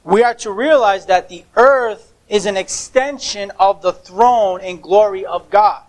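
A man's voice: high voice, measured pace, rough recording. A man preaching a sermon as pastor, emphatic, stressing words by repeating them, with occasional stumbles.

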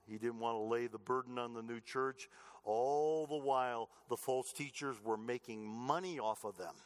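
A middle-aged pastor preaches a sermon at normal speed, earnestly telling family stories. He shifts between loud, emphatic lines and soft, low asides.

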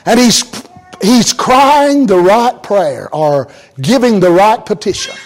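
Very high-voiced fervent male preacher. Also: sing-song, takes it slowly. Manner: fervent, often shouting, with frequent amens and laughs. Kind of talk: sermon.

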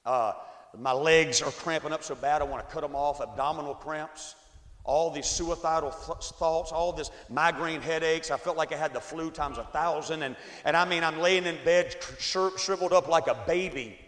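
A man's voice: on the high side, fairly even intonation, normal speed. Man preaching his testimony. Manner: swings from quiet storytelling to shouted climaxes. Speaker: evangelist. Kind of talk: testimony sermon. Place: church sanctuary. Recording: echoey church hall.

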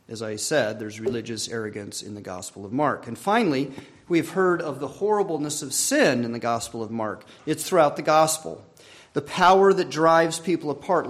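Earnest man preaching a sermon. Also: medium pitch. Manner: earnest, measured preaching with rising emphasis and soft trailing ends. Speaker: pastor.

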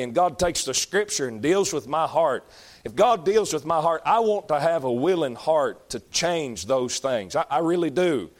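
A middle-aged man, a pastor, preaching a sermon earnestly, often repeating phrases and praying aloud. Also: on the high side.

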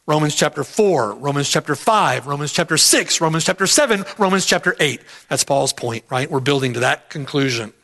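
Man, sermon, high pitch, animated delivery, repeats phrases, "right?" check-ins. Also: fairly quick, few pauses. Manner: emphatic, repeats key phrases, asks "right?". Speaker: preacher. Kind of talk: expository sermon.

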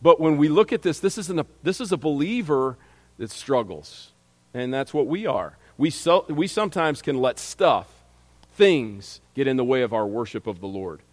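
A man's voice: medium pitch, expressive, moderate pace, big-room sound. A man preaching a sermon in a conversational way, reading scripture aloud and often restarting his sentences.

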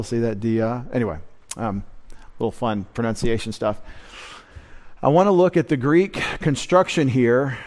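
A man teaching a midweek Bible study in an unhurried, halting way. He fills pauses with "uh" and "um," restarts his phrases, and laughs off his own shaky Greek pronunciation as he explains a verse. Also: medium pitch, a little mellow. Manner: unpolished Greek pronunciation, self-deprecating asides. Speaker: pastor.

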